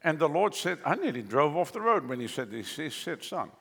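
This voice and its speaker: A man preaching a sermon as pastor, animated, with sweeping pitch jumps and chuckling asides. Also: a little fast, gravelly, husky, big-room sound.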